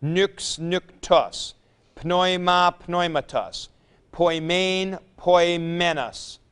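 A man with a fairly high, smooth and clear voice gives a classroom lecture. He speaks slowly and patiently, working through each point step by step and repeating forms aloud as he goes. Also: fairly bright tone. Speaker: Greek teacher. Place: classroom with a board.

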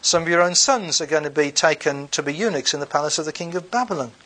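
A bible lecturer with a fast, sharp voice on the high side gives an unscripted talk on scripture, reading verses aloud and then explaining them conversationally. He often says um and uh and restarts his sentences.

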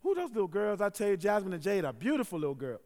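A woman's voice: mid-range voice, very animated, fast talker, warm tone, voice pushed up. A man putting on the voice of a nosy, doting older woman neighbor who talks sweetly and calls everyone baby, heard in an echoey hall. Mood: chatty.

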